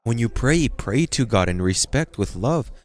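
A man's voice: medium pitch, animated, moderate pace. A man preaching a sermon, acting out the voices of churchgoers as he tells stories. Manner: acts out voices of churchgoers and God in quotes.

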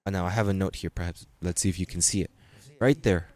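Lively, laughing preacher man, lowish voice. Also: quick pace. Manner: lively, laughing anecdotes with frequent restarts. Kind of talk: storytelling sermon.

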